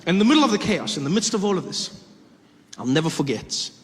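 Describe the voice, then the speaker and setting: A man from South Africa performing stand-up comedy, telling an animated story full of characters. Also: on the high side, fast, breathy edge, in a large hall.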